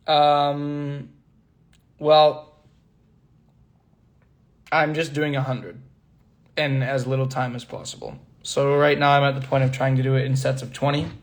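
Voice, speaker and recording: A young man in his twenties on a phone livestream, chatting casually and answering viewer questions, switching languages and laughing often. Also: mid-range voice. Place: indoors, working away from home.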